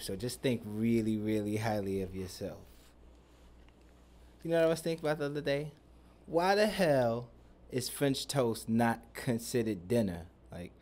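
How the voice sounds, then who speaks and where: A man's voice: on the low side, darkish tone. A young man hosting a podcast, talking in a loose, profane, rambling and joking way. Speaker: podcast host. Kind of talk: casual chat.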